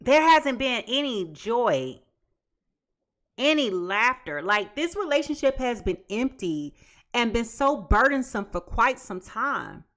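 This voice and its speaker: A woman's voice: a little high, sing-song, takes it slowly, fairly bright tone. A woman giving a casual tarot reading to viewers, emphatic and chatty, stacking repeated phrases and restarting often. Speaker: tarot reader.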